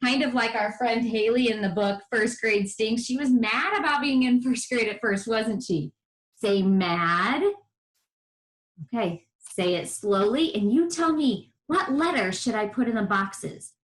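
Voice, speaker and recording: Her voice is on the high side, unhurried and lively in intonation, as she teaches first grade on television, cheering young children on and sounding out letters melodically. The audio carries a roomy echo.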